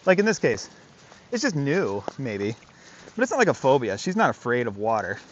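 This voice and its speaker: A man's voice: mid-range voice, very animated, normal speed, lo-fi sound, a little hiss or hum. A man working as a dog trainer, explaining his methods in casual commentary outdoors by a creek, often asking rhetorical questions and adding "right?".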